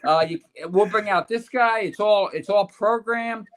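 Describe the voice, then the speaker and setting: Here the older sportswriter speaks at a measured pace in a high voice. As a podcast guest he tells long, rambling anecdotes, chuckling and restarting frequently.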